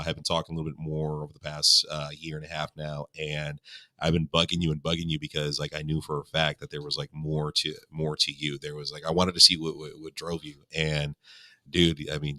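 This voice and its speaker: Young podcast host dude, really deep voice, rambles with lots of ums and swearing. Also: male voice, pushed and bright, no echo, clean studio sound. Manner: rambling, filler-heavy, swearing. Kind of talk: casual podcast chat.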